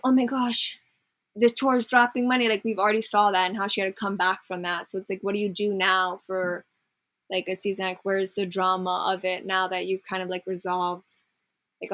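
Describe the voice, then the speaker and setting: A woman's voice: fairly low pitch, little pitch movement, brisk, fairly bright tone, dry recording. Rambling young woman podcast co-host. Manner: rambling, filler-heavy, profane. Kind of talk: casual chat recapping a TV show.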